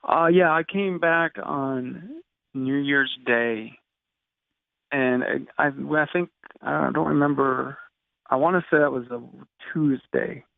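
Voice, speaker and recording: A man in his thirties tells his own story in an interview, halting and restarting often. His voice has a gravelly edge. The recording is tinny and narrow like a phone line, with no room sound. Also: medium pitch, dry recording. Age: 30s. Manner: halting, many fillers and restarts. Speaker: guest.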